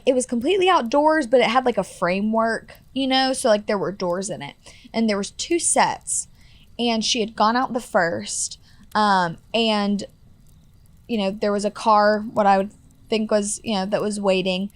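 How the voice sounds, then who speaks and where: A woman's voice: mid-range voice, no echo. A woman in her twenties telling a personal story as a podcast guest, earnest and full of fillers like "like" and "you know". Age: 20s.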